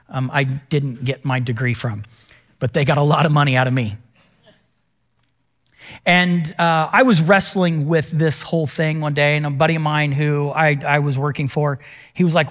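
A middle-aged male pastor preaching a sermon in a conversational, self-deprecating storytelling manner. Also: fairly high pitch.

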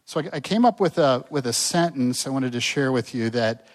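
An older man delivering a sermon in an earnest, conversational way. He speaks at a middle pitch and keeps checking in with his listeners through rhetorical questions. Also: expressive, moderate pace. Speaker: pastor.

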